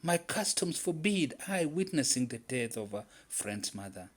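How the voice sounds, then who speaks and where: A man voicing a scheming, excitable male squirrel trickster in a told folktale, shrill and emphatic. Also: a little slow.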